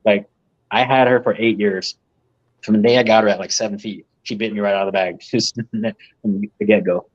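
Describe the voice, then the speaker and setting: A man's voice: fairly low pitch, fairly even intonation, normal speed, dull audio. A man, a guest on a live podcast, telling rambling, profane stories and laughing at them. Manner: rambling, swears freely, laughs at his own stories. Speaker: guest, reptile breeder. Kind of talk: casual storytelling on a live podcast.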